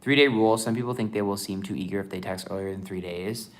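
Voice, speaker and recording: A man's voice: lowish voice, fast. A man chatting casually on a livestream as a tarot reader, rambling with lots of fillers.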